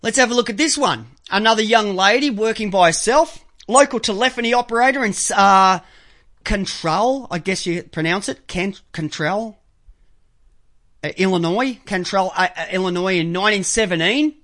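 A man's voice: high voice, pushed and bright. A man hosting a live stream, delivering a combative, profane, unscripted rant that calls people out directly. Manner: counts items aloud slowly while looking at pictures.

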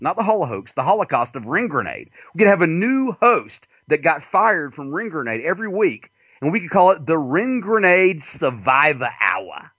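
A Southern-accented man hosting a radio show, talking in a loose, profane ramble. His voice sits a little high and moves up and down a lot. The sound is muffled and dry. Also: slightly rough, no echo. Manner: profane, rambling, animated, frequent laughter. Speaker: radio host. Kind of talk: rambling comic monologue.

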